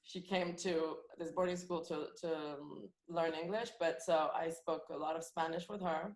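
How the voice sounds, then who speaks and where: A woman comedian talks casually as a podcast guest, laughing easily and restarting her sentences as she goes. Her voice sits a little low. The recording has a roomy, echoey sound. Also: steady tone, normal speed, a little mellow. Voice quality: chatty, laughs often, speaks freely with many restarts. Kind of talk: casual chat.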